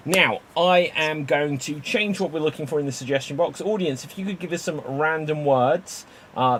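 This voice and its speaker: A man's voice: on the high side, slight background noise. Upbeat man hosting an improv stream. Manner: upbeat, playful, jokey banter. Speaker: improv show host. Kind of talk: live-streamed comedy hosting. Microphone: webcam mic on a video call.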